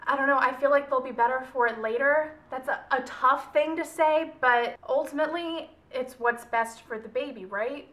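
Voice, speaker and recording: A woman's voice: sits high, fairly bright tone. A woman talking casually to her camera in a book review, recapping the plot in her own chatty, gushing way.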